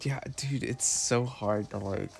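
A young man co-hosting a podcast in casual chat, relaxed and hesitant, often searching for words. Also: fairly low pitch, a little slow, vocal fry.

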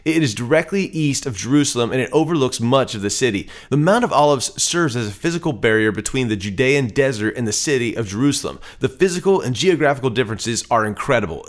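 Man reading and explaining scripture. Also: medium pitch. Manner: steady, explanatory teaching. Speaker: Bible teacher.

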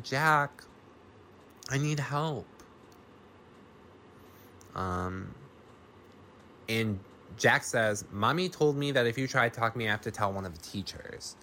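A man casually recapping a horror film as a host, animated and chatty, acting out the characters' lines between narration. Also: lowish voice, slight background noise. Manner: animated, swears and laughs, acts out characters' lines.

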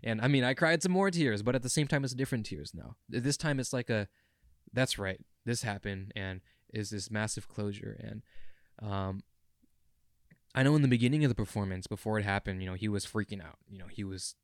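A man's voice: fairly low pitch, a little fast, no echo, clean studio sound. A young man co-hosting a podcast, talking in an earnest, rambling and emotional way. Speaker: podcast co-host. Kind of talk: casual chat.

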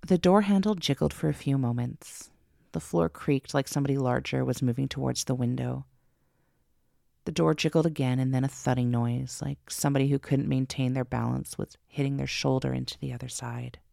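A woman narrating a first-person ghost story for her podcast, slow and suspenseful. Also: extremely low pitch, steady tone, gravelly, warm tone, dry recording, studio quality.

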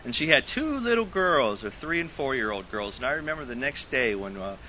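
A man's voice: mid-range voice, very animated, a little fast, bright, forceful tone, dull audio, slight background noise. A man speaking to a recovery group, telling a rambling personal story with lots of restarts and laughs. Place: meeting hall.

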